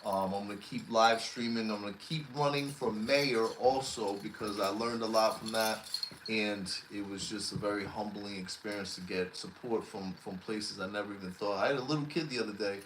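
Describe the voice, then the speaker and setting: A man's voice: fairly low pitch, normal speed, reverberant, a little hiss or hum, low-quality recording. Jokey male livestream host. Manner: jokey, excitable shout-outs to viewers. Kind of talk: casual livestream chat.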